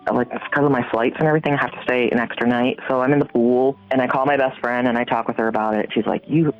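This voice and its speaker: A middle-aged woman, a podcast guest, telling a personal story and acting out her own reactions with big jumps in pitch. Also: fairly even intonation, fast. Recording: tinny phone-like sound with faint music.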